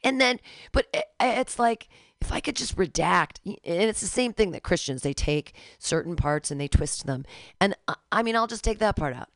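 A woman in her forties co-hosting a casual radio talk show, sardonic and quick to leap into high mocking tones. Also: expressive, no echo, studio quality. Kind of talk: casual chat.

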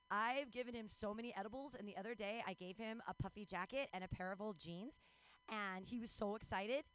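A woman's voice: medium pitch, fairly bright tone, rough recording. A woman in her forties doing a bawdy, self-mocking stand-up set, breaking into squealing voices. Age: 40s. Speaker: stand-up comedian.

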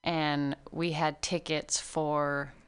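A giggly woman from Virginia telling stories in a relaxed chat. Her voice is smooth and fairly low, with easy laughs breaking through her anecdotes. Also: very slow. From Virginia, USA. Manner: giggly storyteller. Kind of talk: casual chat.

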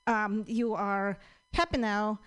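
A woman's voice: mid-range voice, steady tone, slow, a bit bright, clear, resonant tone, poor audio. Woman with a Russian-Ukrainian accent. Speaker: stand-up comedian. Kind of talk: stand-up set at an open mic.

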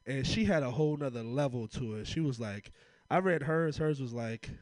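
Rambling young stand-up comic from Oakland. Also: male voice, mid-range voice, normal speed, no room sound. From Oakland, California. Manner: loose, rambling storytelling with frequent laughs. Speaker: stand-up comedian. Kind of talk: stand-up comedy set.

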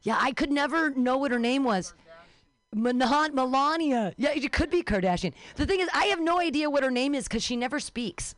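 A woman's voice: high voice, animated, moderate pace, no echo. A woman doing sardonic stand-up and introducing the next comedian as host.

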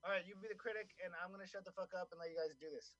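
Quick-talking high-voiced man. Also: fairly bright tone, dry recording, highs cut off. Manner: quick, profane, organizing. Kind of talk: casual chat. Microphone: video call.

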